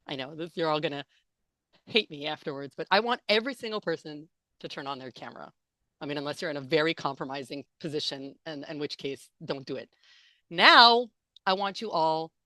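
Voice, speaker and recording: Young woman, low voice, chatty trainer on a video call, dry close sound. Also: sharp tone, no room sound. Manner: chatty and playful, laughs and reacts to chat comments. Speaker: interpreting trainer giving an online talk. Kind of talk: live webinar presentation with audience chat. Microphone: computer mic on a video call.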